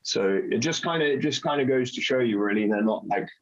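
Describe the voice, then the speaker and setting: A man's voice: mid-range voice, fairly quick. A man from Canada hosting a podcast, talking casually and hesitantly with many fillers. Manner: relaxed, hesitant, lots of fillers. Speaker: podcast host. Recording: dull lo-fi sound.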